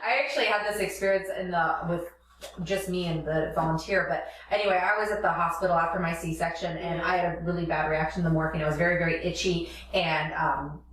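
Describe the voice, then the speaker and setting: A woman's voice: on the low side, quick pace, a little hiss or hum. A woman in her thirties co-hosting a casual chat about motherhood, telling funny stories and acting out the voices in them. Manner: animated storyteller, acts out voices with laughter. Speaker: podcast co-host, mother. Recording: echoey room, mic at a distance.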